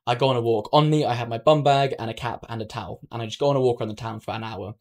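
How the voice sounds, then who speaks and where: A man's voice: mid-range voice, very fast. Young man, from London, casual podcast storytelling, acts out quotes. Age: young adult. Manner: animated anecdote telling, acting out dialogue. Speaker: podcast co-host.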